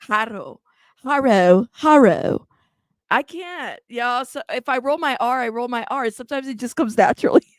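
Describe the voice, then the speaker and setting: Sassy American woman host, fairly high voice. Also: fairly quick, hardly any pauses, dry recording. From United States. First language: bilingual in Spanish. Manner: animated, sassy, frequent laughs. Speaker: true crime channel host. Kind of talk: casual livestream commentary.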